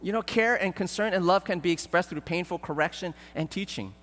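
Earnest high-voiced pastor in a hall. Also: male voice, fairly quick, a bit bright. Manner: earnest, pleading, with repeated words and fillers. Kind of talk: sermon.

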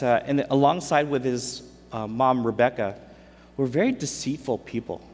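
A man preaching a casual sermon, retelling scripture in everyday, conversational speech. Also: medium pitch. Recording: long hall reverb.

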